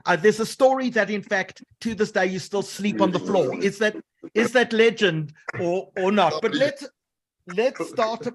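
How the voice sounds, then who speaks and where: Guy hosting an interview, high voice, asks questions kinda slow, repeats himself a lot. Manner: measured, repeats words while framing questions. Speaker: host.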